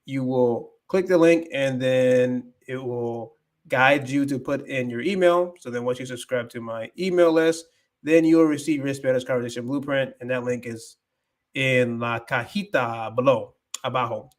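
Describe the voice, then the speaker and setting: A man's voice: medium pitch, measured pace. A man hosting a casual livestream, thinking aloud as he talks about his language learning and drops in Spanish phrases.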